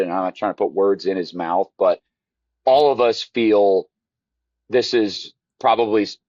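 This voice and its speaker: A man's voice: lowish voice, dry recording. Man, golf instructor guest, casual interview chat, emotional storyteller, lo-fi dull sound, dry. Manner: emotional, rambling storyteller with many restarts.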